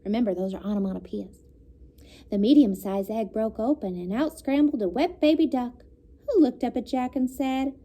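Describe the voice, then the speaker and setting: A woman teacher reading a picture book aloud to young students, pausing to comment and explain. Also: on the high side, expressive, warm tone. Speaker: elementary school teacher. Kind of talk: children's read-aloud.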